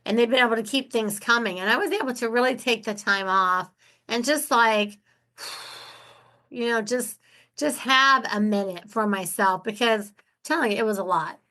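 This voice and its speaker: A woman's voice: a little high, moderate pace, pushed and bright. A woman hosting her own real estate investing podcast from home, talking in a candid, chatty and enthusiastic way. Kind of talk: casual solo podcast talk.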